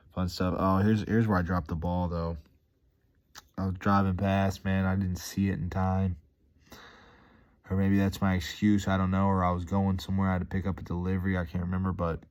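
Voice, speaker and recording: A man's voice: low voice, darkish tone. A man vlogging in a rambling, laid-back, slangy casual monologue with life advice.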